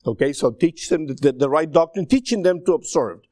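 Middle-aged male preacher, native Spanish speaker with an accent, chatty sermon style, pitched a bit high. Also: expressive, a little fast, mellow, no room sound, studio quality. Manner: conversational, checks in with the audience.

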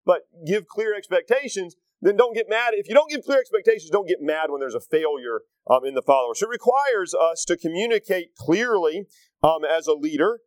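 A man's voice: high voice, expressive, a little fast, darkish tone, dry recording, rough recording. Folksy preacher man. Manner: conversational, folksy preaching with asides to the congregation. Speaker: pastor. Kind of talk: sermon.

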